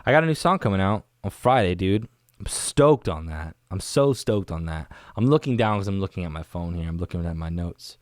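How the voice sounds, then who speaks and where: A laid-back man rambles through a casual solo podcast, leaning on dude and man at every turn. His voice sits fairly low but swings around a lot in pitch. He talks into a studio microphone in a small room, and the sound is close and dry. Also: lively intonation, a little fast, no room sound. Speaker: podcast host. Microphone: studio microphone on camera.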